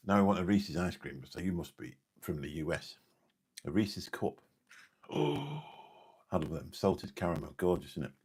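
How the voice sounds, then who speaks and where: A deep, husky man hosts a late-night live stream, rambling along and joking with viewers one by one. His voice sits low and slightly rough throughout. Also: lively intonation, normal speed, long pauses, a little mellow. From Lincolnshire, England. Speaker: live streamer reading chat.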